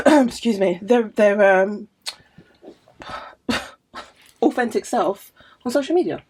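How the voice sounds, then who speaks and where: A woman, a podcast co-host chatting casually with friends, hesitant with fillers and throat-clearing. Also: mid-range voice, slow pace, darkish tone. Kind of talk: casual chat among friends.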